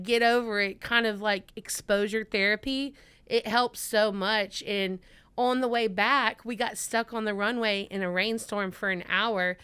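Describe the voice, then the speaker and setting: Woman guest from Mississippi, chatty storyteller, smooth bright tone, podcast chat. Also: on the high side. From Mississippi, USA. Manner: chatty storyteller who acts out her own quotes.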